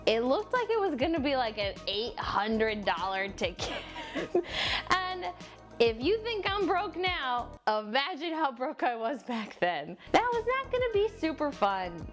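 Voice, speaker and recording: This young woman, a vlogger with a New Jersey accent, has a high voice and takes a measured pace as she tells a casual storytime tale to her camera. She's animated, pokes fun at herself and exaggerates for fun, with faint music beneath.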